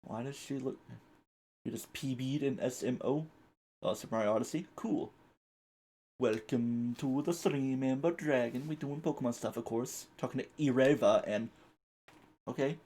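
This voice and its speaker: Gravelly guy rambling thru a live game stream, kinda husky, chuckles a lot. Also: medium pitch, moderate pace, mellow. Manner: rambling, chuckling, reads game text aloud. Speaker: gaming streamer.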